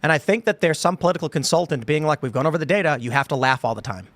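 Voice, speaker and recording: A man's voice: a little high, rapid-fire, dry recording. Chatty man on a dry mic. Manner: rambling, acts out quotes in put-on voices. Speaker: podcast host. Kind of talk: casual political chat.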